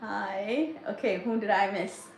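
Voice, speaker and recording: A woman's voice: medium pitch, unhurried. A middle-aged woman hosting a casual livestream from her home kitchen, chatting with viewers and reading their comments while she cooks. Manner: chatty, reads viewer comments aloud, frequent laughs. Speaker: livestream host, mother of a large family. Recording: echoey kitchen with faint noise.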